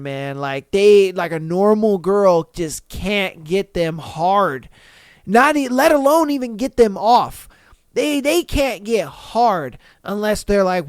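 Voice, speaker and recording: A young man hosts a podcast in a slangy, profane, animated style. His voice is smooth and clear, and it sounds dry and close to the mic. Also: high-pitched, no room sound. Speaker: podcast host. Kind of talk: casual solo podcast commentary.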